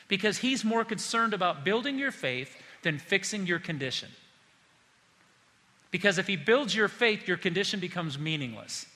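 Male pastor, impassioned sermon, slightly high voice. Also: bright, forceful tone. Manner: impassioned, acts out quoted voices. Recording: long hall reverb.

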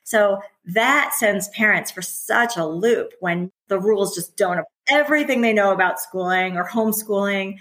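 A woman's voice: medium pitch, moderate pace, hardly any pauses, fairly bright tone, low-quality recording. A woman in her forties, a former teacher and parent, talking candidly as a podcast guest, chatty and often laughing. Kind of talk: casual conversational interview.

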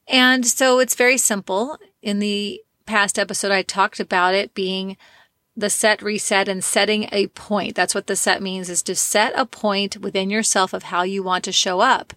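A woman's voice: medium pitch, fairly even intonation, normal speed, sharp tone, dry recording, clean studio sound. A woman hosting a podcast, giving a candid teaching monologue with self-mocking asides. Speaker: podcast host.

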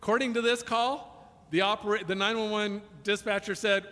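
A man's voice: high-pitched, steady tone, brisk, sharp tone. A man preaching a sermon, telling funny stories in a chatty way before turning earnest. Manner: chatty, jokey storytelling building to earnest preaching. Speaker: pastor. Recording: long reverb of a large hall.

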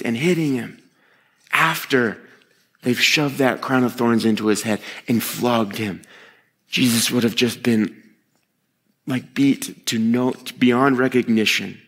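A man's voice: medium pitch, fairly even intonation, slow, a bit bright. Man preaching in an echoey hall. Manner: conversational, retells scripture in everyday voices. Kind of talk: sermon. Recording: long echo of a large hall.

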